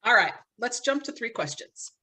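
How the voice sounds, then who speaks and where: A woman's voice: on the high side, very animated, moderate pace, bright, forceful tone. A woman co-hosting a podcast, recapping a film plot in casual chat with a sarcastic, disbelieving manner. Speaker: podcast co-host.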